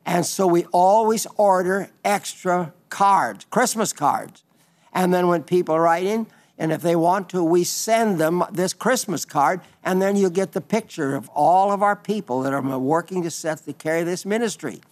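A man with a somewhat high-pitched voice hosts a radio ministry, reading listener letters aloud and preaching between them. He talks in a folksy, unhurried way, often pausing on fillers and restarting his sentences.

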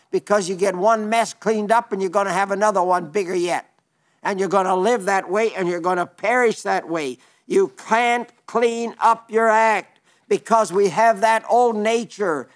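An older man preaching an earnest sermon, often repeating words for emphasis. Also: sits high.

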